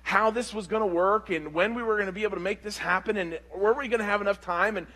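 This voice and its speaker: High-voiced animated male pastor. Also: fast. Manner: animated, swings between loud and hushed. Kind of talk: storytelling sermon.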